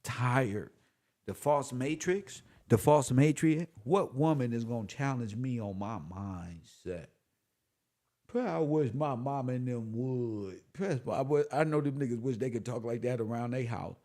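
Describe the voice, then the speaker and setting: A man speaking who delivers a preachy, swearing monologue to his viewers, swinging between loud and soft. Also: medium pitch, a little slow. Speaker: online commentator.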